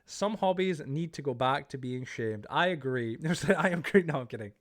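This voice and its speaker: A man's voice: medium pitch, lively intonation, normal speed. A young man streaming live, chatting casually, swearing freely and reacting to viewer chat he reads aloud.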